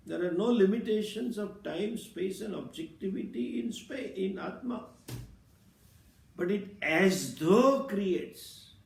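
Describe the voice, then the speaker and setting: A man giving a scripture lecture as a spiritual teacher, speaking slowly and deliberately and explaining Sanskrit terms. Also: sits high, roomy sound.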